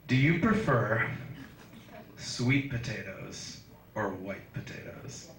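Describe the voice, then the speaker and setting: A young man doing a stand-up set in a small comedy café, with a deadpan, slow and awkward delivery. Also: fairly low pitch. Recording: roomy club sound from far off, audience.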